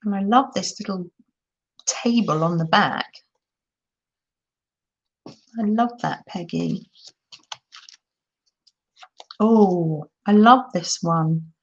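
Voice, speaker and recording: Older woman, gushing livestream chat, slow, dull lo-fi sound. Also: fairly low pitch. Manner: gushing, chatty, talks to viewers in the chat. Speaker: crafting livestream host.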